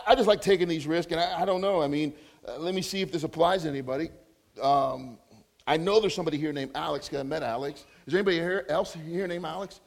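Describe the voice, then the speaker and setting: Male guest preacher, fairly high voice with a raspy grain; easygoing, laughing sermon delivery. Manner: laughs often, repeats words when excited. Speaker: guest speaker. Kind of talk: sermon with prophetic words. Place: church hall.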